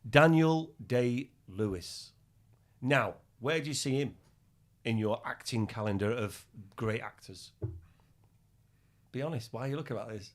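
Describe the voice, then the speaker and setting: A middle-aged man spinning anecdotes on a casual podcast. His voice sits at an ordinary middle pitch, and he grows loud and quick when the story excites him. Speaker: podcast co-host.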